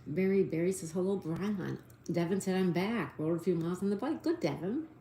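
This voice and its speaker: A woman's voice: lowish voice, animated, brisk, mellow, slight background noise. A woman hosting a casual live stream, spelling out answers letter by letter and reading viewer comments aloud.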